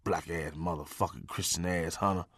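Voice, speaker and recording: A man voicing an angry male hunting dog who mutters low, growling insults in a comic story. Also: fairly even intonation, normal speed, a bit bright, slightly rough, no echo, clean studio sound. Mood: growling contempt.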